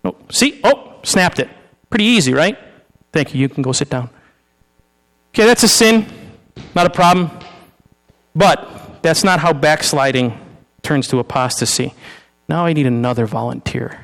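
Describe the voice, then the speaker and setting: A male pastor gives an informal, conversational sermon with a live demonstration in a church sanctuary, where the large hall adds long reverb. His gravelly voice is a little high and a bit bright, with lively intonation and a moderate pace. He often repeats and restarts words as he talks with his congregation.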